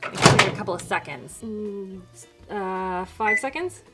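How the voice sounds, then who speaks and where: A woman filming a casual cooking vlog, chatty and excitable, talking straight to the camera. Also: mid-range voice, a little slow, over loud music. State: out of breath. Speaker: cooking vlogger.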